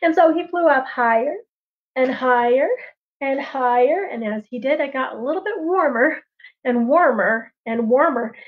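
A woman storyteller telling a traditional tale on a livestream in a lively, chatty way, with casual asides. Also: sits high, moderate pace. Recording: dull lo-fi livestream audio.

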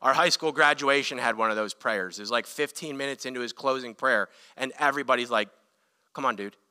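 A man's voice: mid-range voice, quick pace, bright, forceful tone, smooth. A man preaching a sermon as pastor, earnest and emphatic, building intensity as he makes his points. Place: church sanctuary. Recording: long church reverb.

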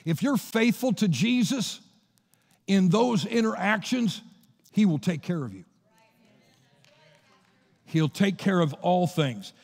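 A man's voice: high voice, lively intonation, slow, gravelly, long pauses, a little mellow. A man preaching a sermon as pastor, retelling Bible scenes in a storytelling way, recorded in a church sanctuary with a long reverb.

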